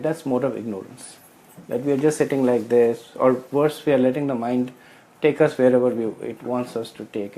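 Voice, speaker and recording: A man's voice: mid-range voice, mellow, slight background noise, rough recording. A man sharing realizations in a scripture study group, hesitating often and explaining through everyday analogies. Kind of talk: casual spiritual sharing.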